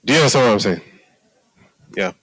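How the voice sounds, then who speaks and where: A man's voice: fairly low pitch, animated, fast talker, a bit bright, breathy edge, no room sound, rough recording. A man preaching a sermon in a conversational way, often asking his listeners if they are following. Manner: conversational, repeats "Hallelujah" and "are we together?" to the audience.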